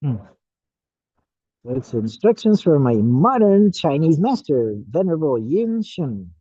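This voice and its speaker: Slow, musing man with a husky voice. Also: a little high, big pitch swings, warm tone, dry recording. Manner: slow, musing, many fillers and throat clearing. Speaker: Buddhist study vlogger. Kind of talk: casual self-study talk. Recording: muffled lo-fi recording.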